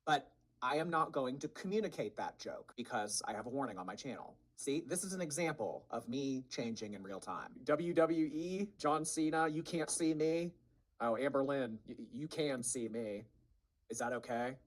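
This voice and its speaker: A man hosting a casual livestream commentary, talking straight to his chat and swinging between loud bursts and quiet asides. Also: medium pitch, animated, normal speed, rough recording.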